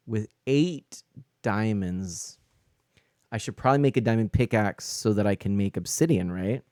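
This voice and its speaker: A man's voice: lowish voice, a little slow, mellow, no echo, studio quality. A man chatting casually on a live stream while he plays, answering his chat as he rambles with lots of fillers and restarts.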